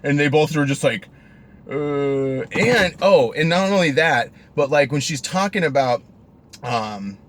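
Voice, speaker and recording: A man's voice: on the high side, lively intonation, normal speed. A young man and rideshare driver casually telling stories in a chatty, exasperated way, full of fillers. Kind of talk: casual storytelling vlog.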